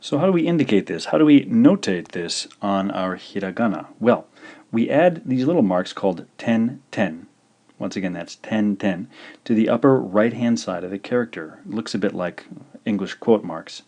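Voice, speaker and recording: A man's voice: on the low side, lively intonation, a little mellow. A man teaching a language lesson, carefully pronouncing syllables and repeating each one. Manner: slow, careful pronunciation of syllables with repetition. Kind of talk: scripted video lesson.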